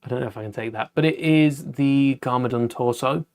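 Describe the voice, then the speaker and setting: A man's voice: mid-range voice, a little fast, a little mellow, clear, resonant tone. A British man hosting a live Lego building stream, chatting casually, thinking aloud as he builds and answering viewers' questions. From United Kingdom.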